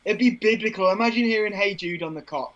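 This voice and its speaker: A man's voice: sits high, quick pace, fairly bright tone, lo-fi sound. A man co-hosting a live football watchalong, chatting in a rambling way with plenty of fillers. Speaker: co-host.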